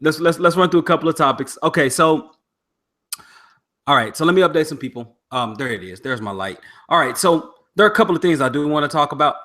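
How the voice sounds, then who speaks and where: Bright-voiced casual podcast host. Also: male voice, a little high, animated, fast talker. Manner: laid-back, chatty, reads listener comments.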